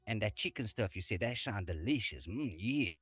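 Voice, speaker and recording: A man talking in character as a customer in a roleplay game, stammering and halting as he speaks. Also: lowish voice, animated, fairly bright tone, husky, no echo.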